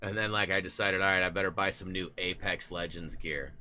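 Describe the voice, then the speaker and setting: A man streaming live, chatting casually with viewers in a rambling, animated way with lots of restarts. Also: deep voice, brisk, slight background noise.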